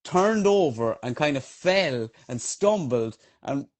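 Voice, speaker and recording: A slightly high-voiced Irish trail runner recounts a race on a podcast, speaking slowly. His storytelling is lively and laid-back, with many fillers and a lot of cursing.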